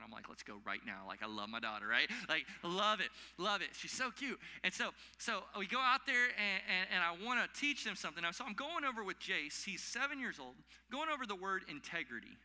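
A man in his thirties preaching a sermon as pastor, animated and conversational, swinging between loud emphatic peaks and quiet asides. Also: sits high. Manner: conversational, confessional storytelling. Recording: long hall reverb.

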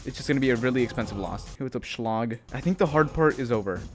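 A man's voice: mid-range voice, fast, music in the background. A man giving jittery let's-play commentary, swearing often and calling everyone dude and bro. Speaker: gaming channel host.

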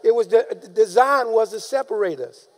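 A man preaching a sermon, calling out to the congregation and rising into shouted emphasis. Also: sits high, normal speed. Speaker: pastor.

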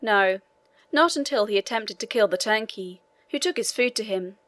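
A man's voice: sits high, expressive, normal speed, fairly bright tone, no echo. A woman reading the part of an obliging man, a prison governor, who explains matters deferentially, in an audiobook. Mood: explaining.

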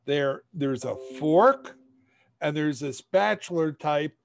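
A man hosts a live virtual craft show in a slightly high voice, rambling in a friendly way as he talks up the prizes. The recording is dry and close, with no room sound. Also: lively intonation, takes it slowly, gravelly, no room sound. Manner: rambling, friendly, with restarts, talking up giveaway prizes. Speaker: host. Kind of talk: casual live-stream host chat.

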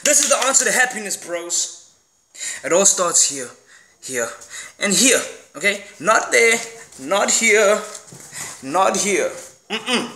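High, sharp-voiced man giving a pep talk. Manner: emphatic and animated, swears casually. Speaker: motivational vlogger. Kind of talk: motivational vlog monologue.

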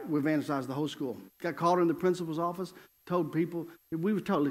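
A middle-aged male evangelist preaching a sermon and telling his own story in an animated way, laughing often as he goes. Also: on the high side, quick pace. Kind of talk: sermon with personal testimony.

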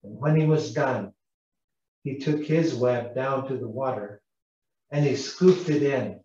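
Slow, mellow-voiced man telling stories. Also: mid-range voice. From British Columbia, Canada. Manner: gentle, unhurried, asks listeners questions. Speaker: Indigenous cultural interpreter. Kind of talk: storytelling lesson for schoolchildren. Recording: echoey, distant, dull live broadcast sound.

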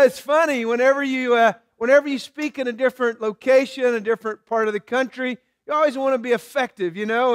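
A man with a thick Southern Georgia accent preaches as a guest in a folksy, halting style full of fillers. His voice sits unusually high. The sound is dry and close. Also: dry recording. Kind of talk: sermon.

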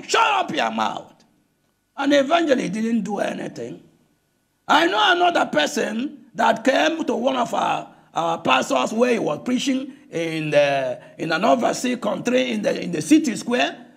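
Gravelly older Nigerian pastor preaching loudly. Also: male voice, extremely high pitch. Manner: impassioned preaching with frequent shouts and "listen to me". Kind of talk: sermon.

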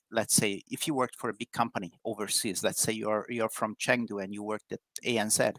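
A man's voice: lowish voice, fairly bright tone, dry recording, rough recording. A man from Hungary, a guest in a live interview, speaking candidly with frequent restarts. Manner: repetitive restarts, chatty and candid. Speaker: guest, IT professional.

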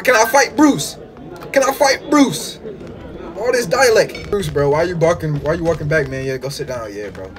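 Excitable high-voiced gaming commentator, man. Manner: excitable, animated trash talk with slang. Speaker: gaming YouTuber. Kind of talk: casual game commentary.

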